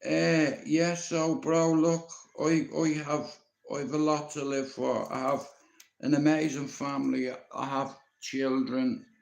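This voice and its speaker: A man's voice: on the high side, little pitch movement, slow, gravelly, darkish tone. A Dublin man in his fifties telling stories casually on a live stream, rambling and swearing with plenty of "you know". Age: 50s. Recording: roomy echo.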